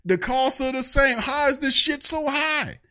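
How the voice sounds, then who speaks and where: A man's voice: extremely high pitch, animated, unhurried, pushed and bright. A man hosting a fan show, ranting in an angry, profane way. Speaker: sports fan show host. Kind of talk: heated fan rant.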